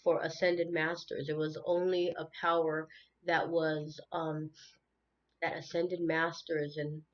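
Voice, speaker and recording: Speaking slowly in a deep voice that barely moves in pitch, this woman runs a spiritual tarot channel, and the recording is lo-fi. Unscripted and earnest, her emotional monologue keeps circling back on repeated words and fresh starts, and at times she sounds close to tears.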